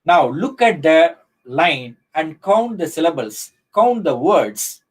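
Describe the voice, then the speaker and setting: Slow, deliberate Indian English professor. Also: male voice, high voice, sing-song, low-quality recording. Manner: slow and deliberate, with frequent fillers and restarts. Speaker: professor giving an online lecture. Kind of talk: live lecture on poetry.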